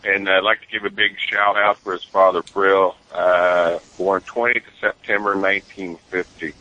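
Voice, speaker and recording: A male regular on a call-in show who makes announcements haltingly, full of fillers. His voice is very deep yet bright and forceful. The line is dull and muffled. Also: fairly even intonation, dry recording. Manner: hesitant, lots of fillers.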